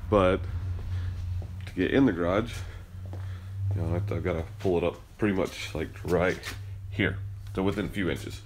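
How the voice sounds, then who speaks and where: Recorded both indoors and out, in a garage and a car, this Utah man hosting a podcast rambles through a story with frequent restarts, growing heated and emphatic. He speaks at normal speed with a low pitch and long pauses, and there's slight hiss or hum.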